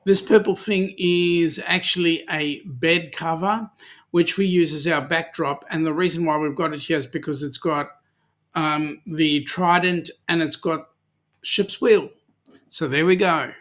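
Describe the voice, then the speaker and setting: A man's voice: fairly high pitch, fairly even intonation, measured pace, fairly bright tone. A man with an Australian accent hosting a casual livestream, reading out viewer comments with lots of hesitant ums and playful teasing. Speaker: livestream host.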